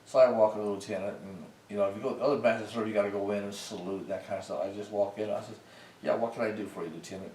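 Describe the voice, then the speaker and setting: A man's voice: fairly low pitch, very fast. An older man, a military veteran, telling folksy stories from his service days in a casual interview. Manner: folksy, animated when recounting arguments. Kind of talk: casual storytelling. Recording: roomy, distant mic with faint noise.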